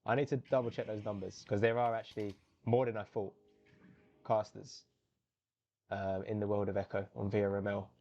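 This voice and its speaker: A young man casting a live video game match on his own, chatty and self-correcting, then jumping to loud, high exclamations on big plays. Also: flat delivery, normal speed, dull audio. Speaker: esports caster. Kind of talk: solo live game commentary.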